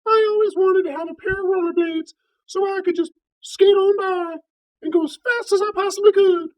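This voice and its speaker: A gleeful little mouse. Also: male voice, extremely high pitch, steady tone, normal speed, pitched above the performer's own voice, low-quality recording. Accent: Southern US. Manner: squealing with glee. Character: small excited male mouse on roller skates.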